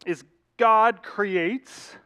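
A man's voice: sits high, drawn-out words, pushed and bright, smooth. A male pastor preaching a sermon, telling a story vividly and addressing the congregation directly.

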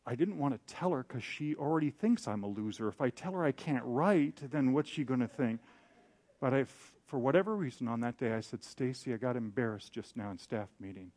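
A man's voice: medium pitch, animated, a little fast, a little mellow. A man preaching, telling a personal story in a candid, self-deprecating way and acting out the voices he quotes. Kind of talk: sermon storytelling.

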